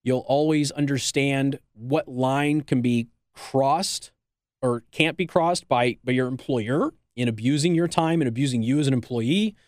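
A man's voice: medium pitch, a little slow, no room sound, studio quality. A man hosting talk radio, giving blunt, teasing advice in an opinionated monologue. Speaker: radio talk show host. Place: radio studio.

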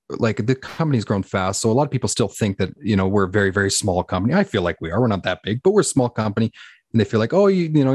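A man who owns a business, telling stories in a fast, animated way with lots of "like"s in a casual podcast chat. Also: on the low side, no room sound, studio quality. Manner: fast, animated storytelling with many "like"s. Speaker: guest business owner.

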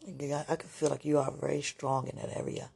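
A woman's voice: deep voice, little pitch movement, fast, creaky, darkish tone, breathy edge. A woman hosting a spiritual podcast, speaking to a loved one in a gushing, giggly, rambling way, full of "you know"s. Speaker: podcast host.

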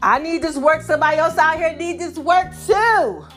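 High-voiced chatty woman podcast host. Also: moderate pace, faint music behind. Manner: chatty, preachy, animated with lots of y'all and child. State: a bit out of breath. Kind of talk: casual inspirational podcast talk.

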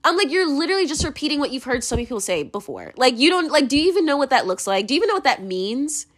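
Delivering her views rapid-fire, this young American commentator rambles in a casual monologue with a high, sing-song voice. She doesn't hold back, swearing bluntly and saying "like" constantly.

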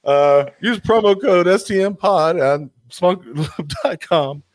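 A man's voice: high-pitched, slow pace, no echo. A young man co-hosting a podcast, joking playfully and reading ads loosely. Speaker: podcast co-host. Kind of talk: casual chat with ad reads.

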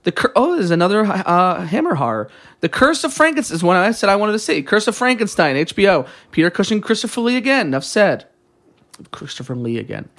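Animated, jokey man with a lively voice. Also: sits high, brisk. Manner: animated and jokey, swears freely. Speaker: podcast co-host reading a listener email. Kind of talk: casual chat.

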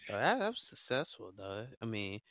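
A man's voice: on the low side, big pitch swings, a little fast, no echo. A man co-hosting a casual podcast, talking in a laid-back, slangy way and asking the questions. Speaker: podcast co-host. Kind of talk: casual chat. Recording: slightly muffled lo-fi mic, dry.

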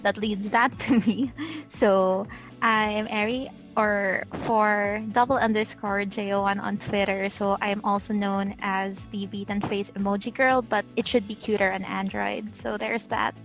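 Mid-pitched woman host, plain and direct, leading casual fan talk over faint music. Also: flat delivery, a little slow, fairly bright tone. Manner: matter-of-fact, leads the discussion. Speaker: podcast host. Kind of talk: casual fan chat, moderating.

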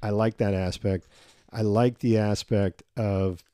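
A man co-hosting a podcast in casual chat, blunt with his opinions and quick to laugh. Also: on the low side, steady tone, warm tone, clear, resonant tone, no echo, studio quality. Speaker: podcast co-host.

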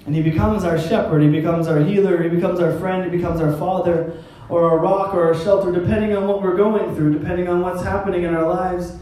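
A man's voice: high-pitched, fairly even intonation, fairly quick, few pauses, mellow. A man preaching a sermon as pastor, in a conversational style with wry, self-deprecating asides. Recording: echoey hall, mic at a distance.

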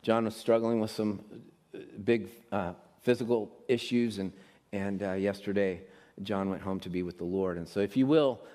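A man's voice: on the low side, darkish tone. Male pastor preaching in a reverberant hall. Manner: casual, rambling, many restarts. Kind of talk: sermon. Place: church sanctuary.

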